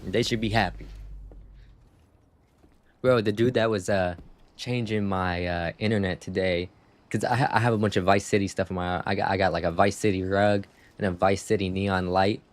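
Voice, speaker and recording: A young man streaming a game live, chatting in a casual, animated way with lots of slang as he rants. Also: low voice, normal speed. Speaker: gaming streamer. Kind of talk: live gameplay commentary.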